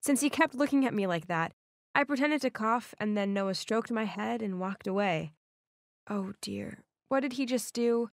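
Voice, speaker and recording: A woman narrating a first-person animated story in a scripted, expressive way. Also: fairly high pitch, normal speed, no room sound, clean studio sound.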